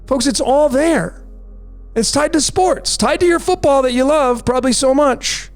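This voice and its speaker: A man's voice: very high voice, normal speed. A man hosting a numerology talk, insistently walking through slides and repeating "folks" and "there it is". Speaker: numerology channel host. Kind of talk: conspiracy commentary over slides. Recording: faint music bed behind voice.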